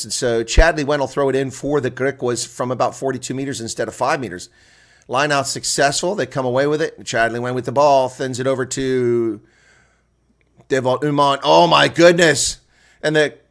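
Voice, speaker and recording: Man, mid-range voice, solo live rugby reaction caller, excitable and chatty. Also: medium pitch. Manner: excitable, exclaiming, chatty asides to viewers. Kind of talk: live reaction play-by-play commentary.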